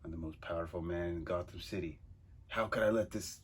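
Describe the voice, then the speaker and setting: A man's voice: sits low, a little fast, breathy edge, pitched below the performer's own voice. A man voicing a proud older male crime boss in a comic book reading, curt and brusque. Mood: gruff.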